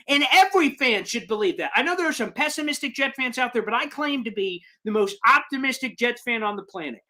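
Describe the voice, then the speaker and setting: A young man hosting a sports fan livestream, reading chat comments with hyped, shouty excitement. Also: extremely high pitch, fairly quick, hardly any pauses. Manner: hyped, shouting bursts of celebration.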